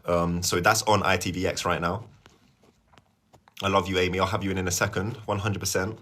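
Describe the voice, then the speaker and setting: Husky man leading a prayer. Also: low voice, flat delivery, brisk, a bit bright. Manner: earnest, rambling, repeats himself and checks in with "yeah?". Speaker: spiritual livestream host. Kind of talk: live-stream prayer reading and chat.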